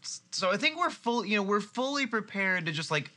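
A man chatting casually while playing a video game, rambling and excitable. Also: sits high, a little fast, hardly any pauses. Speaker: let's play co-host. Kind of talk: casual gameplay chat.

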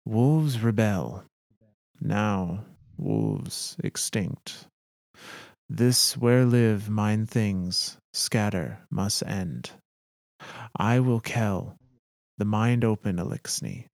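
A man voicing a male alien pirate captain who speaks slow, halting broken English. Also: fairly low pitch, big pitch swings, gravelly, a little mellow, no room sound, studio quality, exaggerated voice. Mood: solemn.

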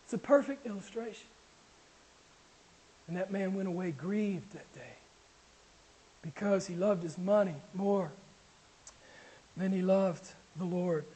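A man's voice: sits high, measured pace, pauses often, dark tone, husky, low-quality recording. A man preaching a sermon to his congregation, asking questions and talking with them, while losing his voice. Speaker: pastor.

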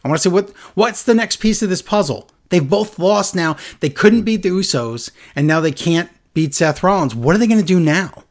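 Chatty man recapping, slightly high voice. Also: moderate pace, hardly any pauses. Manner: animated, acts out quotes in lowered voices. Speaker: podcast co-host recapping wrestling. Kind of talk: casual chat.

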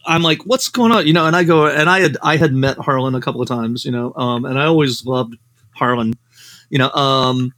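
A man's voice: medium pitch, fairly even intonation, brisk, fairly bright tone, no echo. A man, a novelist and screenwriter, telling rambling anecdotes as a podcast guest, full of "you know" fillers.

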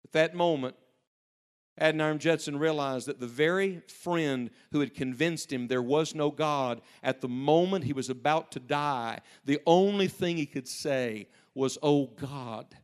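A male pastor preaching a sermon to young people, telling stories and swinging between hushed passages and loud, urgent emphasis. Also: fairly high pitch, measured pace, clear, resonant tone.

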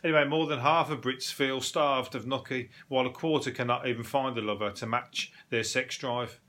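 A man hosting a podcast, rambling bluntly with plenty of swearing and quick laughs. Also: medium pitch, fairly even intonation, a bit bright. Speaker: podcast host. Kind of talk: casual comedic monologue.

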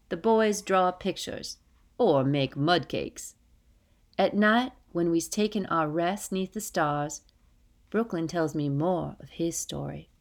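A woman narrating a first-person story in an audiobook, reading steadily with folksy dialect phrasing. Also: on the low side.

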